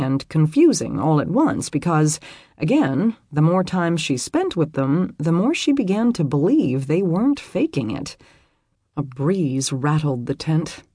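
Audiobook narrator, pitch swings all over, kinda husky, super dry close sound. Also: dry recording. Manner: expressive, lively storytelling. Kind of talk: scripted narration of a romance novel.

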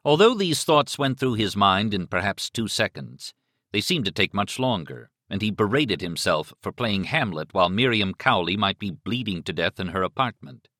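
A man narrating a novel as an audiobook in an expressive, dramatic reading style. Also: fairly low pitch, normal speed, no echo, clean studio sound. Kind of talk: scripted narration.

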